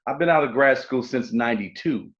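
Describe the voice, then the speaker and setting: A man's voice: medium pitch, expressive, fairly quick, fairly bright tone. A man in his fifties hosting an interview, asking questions and speaking candidly and reflectively. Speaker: host. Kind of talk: conversational interview. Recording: dull lo-fi audio.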